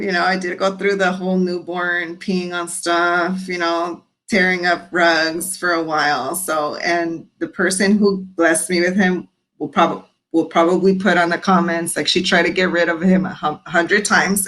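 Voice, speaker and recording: A woman's voice: fairly low pitch, a bit bright, rough recording. A woman guest in her thirties on a podcast, telling her story frankly and expressively, acting out the voices of people she quotes. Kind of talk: candid storytelling interview.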